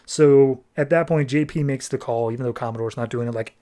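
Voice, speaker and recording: This podcast host reviewing comics has a mellow, mid-range voice. His recap of a comic book issue is relaxed and talkative, sprinkled with frequent "like"s and brief paraphrased lines from the characters.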